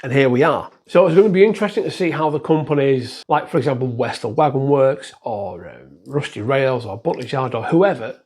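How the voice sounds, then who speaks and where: A man's voice: fairly high pitch, darkish tone. Chatty man talking model trains. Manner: chatty and self-deprecating, rambling with restarts. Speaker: model railway YouTuber. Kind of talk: casual chat to camera.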